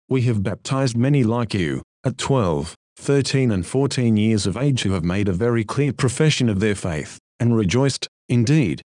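A man preaching a sermon in a solemn, earnest, pleading manner, with slow, drawn-out phrases. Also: on the low side, a little mellow, no room sound, clean studio sound. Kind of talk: sermon reading.

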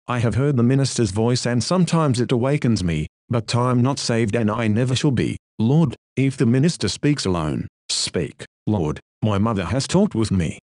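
A man delivers a sermon in a solemn, earnest voice of middle pitch. He pleads with his listeners and stretches his phrases slowly. The recording is dry and close, with no room sound. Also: a little mellow, no echo. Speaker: preacher. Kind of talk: sermon reading.

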